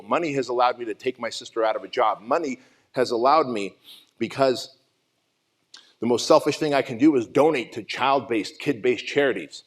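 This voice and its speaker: Armenian-born guy in his 40s doing a motivational summit talk, raw and emotional, swears a lot. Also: mid-range voice. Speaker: summit speaker. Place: conference stage.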